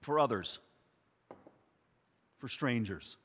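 A man in his sixties preaching a sermon, telling personal stories in an earnest, reflective way with soft pauses. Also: mid-range voice, expressive, slightly rough, big-room sound. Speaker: pastor.

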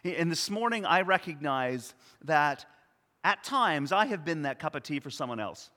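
A man in his sixties preaching a sermon, telling personal stories in an earnest, reflective way with soft pauses. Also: on the high side, expressive, big-room sound. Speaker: pastor.

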